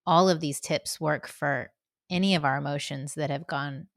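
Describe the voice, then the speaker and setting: Brief: woman podcast host, deep for a woman, dry close recording, conversational. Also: fairly even intonation, normal speed, no room sound. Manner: warm affirmations, conversational, addresses listeners directly.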